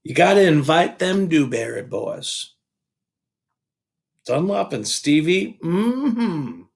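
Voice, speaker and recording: Brief: man playing stern old lady, drawling, pitched up. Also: very animated, takes it slowly, vocal fry, exaggerated voice. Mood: firm. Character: old woman, warm but firm.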